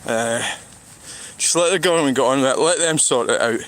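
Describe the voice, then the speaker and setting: The Scottish vlogger, walking beside a road during a livestream, speaks briskly in a medium-pitched, slightly bright voice. The speech meanders, with sighing and thoughts begun again, over slight background noise.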